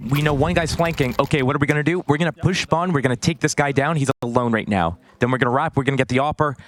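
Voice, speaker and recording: A man breaking down esports tactics step by step as an analyst. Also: mid-range voice. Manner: rapid, spells out team thinking step by step. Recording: clear background noise.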